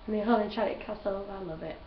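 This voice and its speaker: In a roomy, distant, dull home recording with slight hiss or hum, a young woman with a mid-range voice vlogs casually. She answers questions in a chatty, gushing way, laughing frequently.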